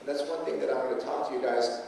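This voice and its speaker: A man's voice: medium pitch, steady tone, fast talker, gravelly, a little mellow, slight background noise. Man giving a punchy speech in an echoey hall. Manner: punchy, rhetorical, asks the crowd questions. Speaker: motivational speaker. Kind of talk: motivational speech to a live audience. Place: conference hall. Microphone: room recording from far off. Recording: echoey hall, recorded from far off.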